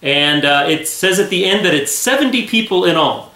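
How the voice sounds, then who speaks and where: A male pastor leads a Bible study in an earnest, chatty way, pausing on fillers as he thinks. His voice sits a little high, and the sound rings in an echoey room. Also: expressive, pushed and bright. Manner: earnest, conversational, full of fillers. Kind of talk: Bible study devotional talk.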